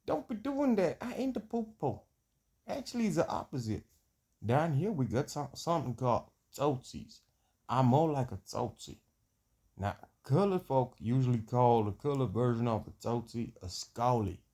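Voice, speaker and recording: A man's voice: mid-range voice, expressive, mellow. A man putting on a slangy American drawl as a brash streetwise man. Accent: put-on American. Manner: boastful, slangy, slow and drawling.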